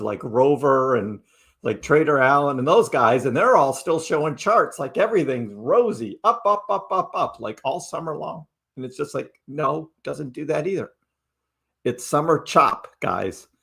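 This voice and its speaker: High-voiced chatty man hosting a livestream. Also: vocal fry. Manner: chatty, keeps asking "right?". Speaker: crypto livestream host. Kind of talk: casual livestream talk.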